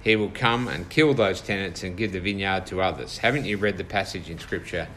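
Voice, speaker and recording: A man's voice: sits low, a little fast, a bit bright, a little hiss or hum, low-quality recording. A man leading an informal Bible study with a small group, thoughtful and hesitant, with many fillers and restarts.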